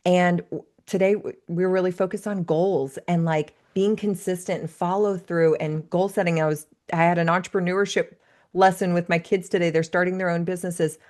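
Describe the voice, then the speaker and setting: A woman in her thirties guests on a podcast as a life coach. Her voice sits a little low, and she talks in an earnest, reflective way, sharing stories at a steady conversational pace. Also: normal speed. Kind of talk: conversational interview.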